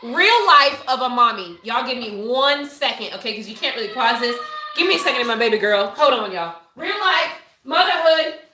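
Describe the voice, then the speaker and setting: The recording is roomy with a noisy background as a woman in her thirties talks a little fast in a slightly high voice. Live from her home office, she chats openly with viewers and tells stories with plenty of energy.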